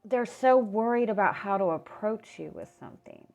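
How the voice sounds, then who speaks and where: Hoarse woman giving a tarot reading. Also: mid-range voice, lively intonation, darkish tone, soft background music. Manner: halting, restarts words, many "like"s. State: hoarse, losing her voice. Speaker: tarot reader.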